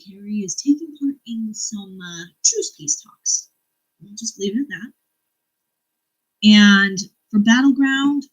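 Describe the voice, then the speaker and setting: A woman's voice: mid-range voice, husky, low-quality recording. A woman vlogger chatting casually about a book series, enthusiastic, cursing freely and laughing often. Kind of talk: casual chat about books.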